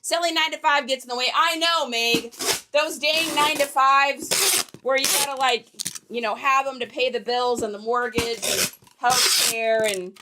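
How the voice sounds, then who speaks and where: A young woman hosts a casual reselling livestream, packing orders while she chats, jokes, and reads viewer comments aloud. Her voice sits high, with fairly even intonation and an unhurried pace, and the recording is very noisy.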